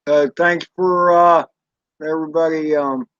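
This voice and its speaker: Slow-talking Southern man chatting folksy. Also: fairly high pitch, fairly even intonation, a bit bright, clear, resonant tone, no echo, highs cut off. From Southern United States. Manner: rambling, folksy, drawn-out fillers, mild swearing. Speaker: drone channel host reading live chat. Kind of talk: casual live-stream chat.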